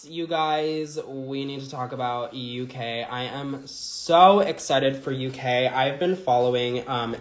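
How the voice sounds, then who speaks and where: Chatty young man in echoey room. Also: medium pitch. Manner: rambling, chatty, many "like" and "um" fillers. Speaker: drag performer hosting a livestream. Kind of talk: casual livestream chat answering viewer comments. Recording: echoey room with faint music.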